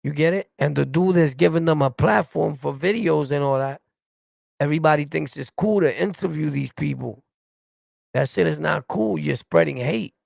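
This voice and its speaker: Streaming live, this middle-aged man from New York City answers and reacts to his chat in a heated rant. His voice is gravelly, fairly high, and darkish in tone, moving at a moderate pace with no echo. With a thick New York accent, he turns blunt, profane, and confrontational, asking "you get it?" again and again.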